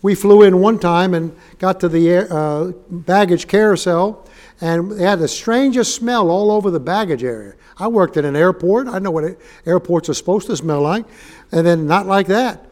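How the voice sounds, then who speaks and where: A man's voice: sits high, normal speed, a little mellow. A man preaching a sermon as a guest preacher, folksy and joking, turning emphatic when he reads scripture. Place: church sanctuary.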